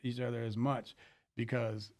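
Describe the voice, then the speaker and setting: A man's voice: mid-range voice, little pitch movement, moderate pace. A male stand-up comedian in casual conversation, talking in a laid-back, profane, reflective way and calling his friend "bro". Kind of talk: casual podcast chat.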